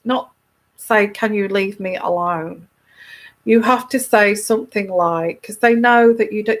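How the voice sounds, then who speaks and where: A woman tarot reader giving casual advice to a viewer, emphatic, often repeating herself and restarting her sentences. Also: on the high side.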